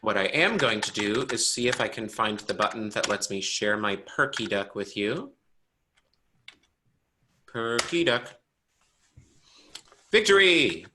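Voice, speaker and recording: A man teaching a braille class online, explaining step by step in a playful, animated way and quizzing his students. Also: lowish voice, unhurried, background noise.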